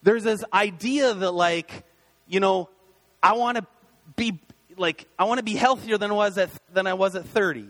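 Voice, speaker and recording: High-voiced male pastor, chatty sermon. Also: normal speed, a bit bright. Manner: conversational, many fillers and restarts, acts out inner voices. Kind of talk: casual sermon.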